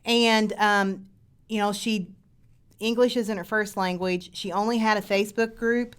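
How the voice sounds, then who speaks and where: A woman hosting a casual live chat, excited and gushing. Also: medium pitch, unhurried, clean tone. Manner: gushing, excited, laughs easily. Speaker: host.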